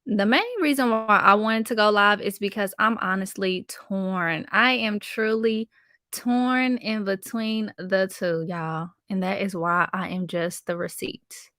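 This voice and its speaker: A woman's voice: mid-range voice, steady tone, unhurried, sharp tone, no echo, clean studio sound. A woman hosting a casual live-stream commentary, chatting with her viewers and greeting them by name. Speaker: commentary channel host.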